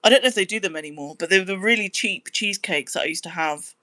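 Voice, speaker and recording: A woman's voice: quick pace, bright, forceful tone, no echo. A young British woman chatting casually on a livestream, reading out viewer comments in an upbeat way. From Britain. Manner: chatty, upbeat, squeals high when surprised. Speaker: livestreamer and musician.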